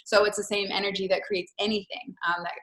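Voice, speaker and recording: Bright-voiced woman host, chatty storyteller. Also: medium pitch, level tone, quick pace, reverberant. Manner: candid storytelling with swearing and filler "like". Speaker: podcast host. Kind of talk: casual chat.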